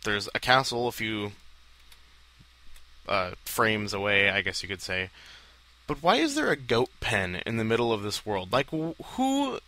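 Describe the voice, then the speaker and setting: Joking, rambling let's play host. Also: male voice, fairly low pitch, sing-song, unhurried, sharp tone, low-quality recording. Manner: rambling, joking, self-deprecating asides. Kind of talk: casual gameplay commentary.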